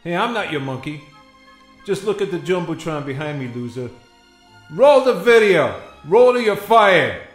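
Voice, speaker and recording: A brash, bragging tycoon plays a ghost in a comedy sketch, voiced by a man. He taunts and belittles in short jabs. His voice is a bit high and sounds roomy, with faint music behind it. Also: lively intonation, fairly quick, lightly acted. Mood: taunting. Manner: brash, taunting, calls everyone loser. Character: boastful insulting tycoon playing a ghost.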